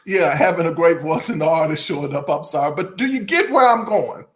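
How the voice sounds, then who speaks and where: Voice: mid-range voice, fairly quick. Laughing, chatty music commentary host. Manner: laughs often, chatty and animated; addresses viewers directly with folksy asides. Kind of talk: casual commentary to camera.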